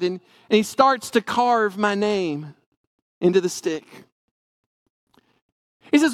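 A man's voice: high-pitched, unhurried, pauses often, no echo. A man from Tennessee, animatedly telling a personal story and acting out the dialogue. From Tennessee, USA.

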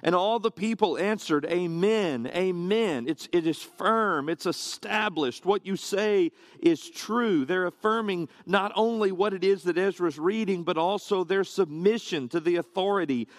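A man's voice: high voice, normal speed, few pauses, dry recording. A male pastor giving a conversational, explanatory sermon from a church platform, with asides to the congregation. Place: church sanctuary, standing on a carpeted platform.

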